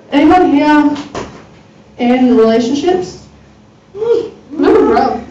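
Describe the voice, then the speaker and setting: Woman stand-up, high voice, crude and chatty with the crowd, faint room noise behind her. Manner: crude, swearing, chatty with audience, laughing at own jokes. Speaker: stand-up comedian. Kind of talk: stand-up comedy set. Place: comedy venue with audience. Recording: roomy, far from the mic, faint ambience.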